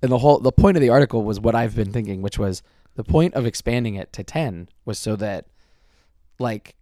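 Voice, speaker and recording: A man's voice: medium pitch, fairly quick, dark tone, no room sound, studio quality. A man co-hosting a podcast, chatting casually in rambling, enthusiastic bursts and often restarting his sentences. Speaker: podcast co-host. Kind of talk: casual chat.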